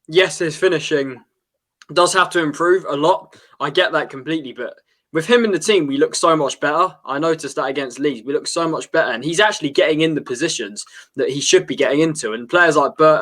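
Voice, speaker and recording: A man's voice: a little high, a little fast, a bit bright. A man, a guest on a fan podcast, arguing his view earnestly and repeating his points for emphasis. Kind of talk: casual fan podcast chat.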